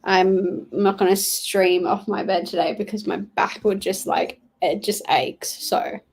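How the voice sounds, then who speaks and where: A young woman talks loosely and warmly to her viewers during a reading livestream. She rambles with lots of "um" and "like", her pitch sitting at a plain middle level for a woman. It sounds like a relaxed home stream from a small study. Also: measured pace, slightly rough, low-quality recording. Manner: chatty, rambling, with frequent fillers. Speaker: livestreaming booktuber. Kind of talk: casual livestream chat reading comments.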